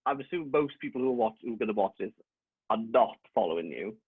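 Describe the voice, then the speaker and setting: Husky man on a tinny line. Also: lowish voice, animated, quick pace, no room sound. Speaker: host. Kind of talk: casual chat. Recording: tinny, dry phone-like line.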